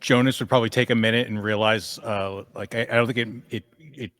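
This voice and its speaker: A man playing a tabletop game, describing his character in a hesitant, halting way. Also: fairly low pitch, fairly even intonation, a bit bright, dry recording, studio quality. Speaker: player.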